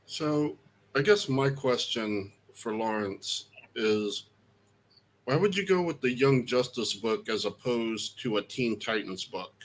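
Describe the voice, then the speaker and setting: A man on a podcast panel over an online call, asking measured questions. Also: mid-range voice, animated, poor audio. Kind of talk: casual panel discussion.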